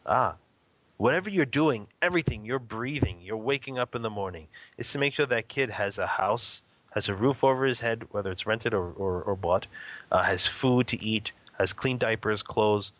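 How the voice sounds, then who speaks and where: A man in his thirties, a guest in an interview, telling a family story in a casual, lively way, laughing often and acting out quotes. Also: fairly low pitch, moderate pace, dry recording.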